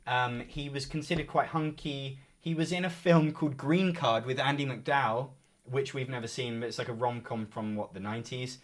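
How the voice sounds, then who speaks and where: A man's voice: medium pitch, normal speed. A young man co-hosting a live game show stream, joking around and reading viewer comments aloud.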